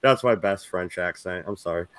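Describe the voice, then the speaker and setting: A man's voice: low-pitched, moderate pace, a bit bright, no echo. A man co-hosting a live stream, chatting casually in profane, joking banter. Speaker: stream co-host. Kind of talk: casual chat.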